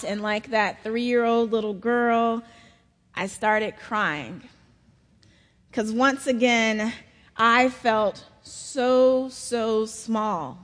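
Woman preacher, middle-aged, slow unhurried storytelling, slightly high voice, long church reverb. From South Carolina, US. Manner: slow, storytelling sermon delivery. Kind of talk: sermon. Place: large church.

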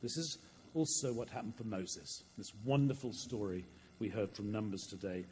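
A man's voice: on the low side, moderate pace, a little mellow, long reverb tail, slight background noise. A man preaching a sermon in a church, earnest and storytelling, often repeating words as he goes.

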